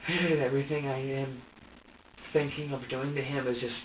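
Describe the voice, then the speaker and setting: A man being questioned in a police interview room, speaking in halting bursts, stumbling over his own restarts, emotional and strained. The recording is dull and lo-fi, with his voice sitting far from the mic in a roomy, echoing space. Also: medium pitch, flat delivery, noisy background. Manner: halting and repetitive, restarting sentences, quoting himself.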